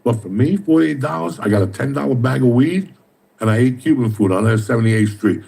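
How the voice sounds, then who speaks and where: A man's voice: medium pitch, expressive, brisk, creaky, dark tone, slightly rough. A middle-aged man, telling profane, streetwise stories in casual chat. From New Jersey. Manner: streetwise, swears constantly, tells stories with mimicked dialogue.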